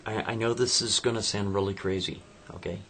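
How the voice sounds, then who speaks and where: A man's voice: lowish voice, steady tone, a little fast, fairly bright tone, a little hiss or hum. A man playing a pleading young man. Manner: pleading, urgent. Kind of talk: spoken storytelling.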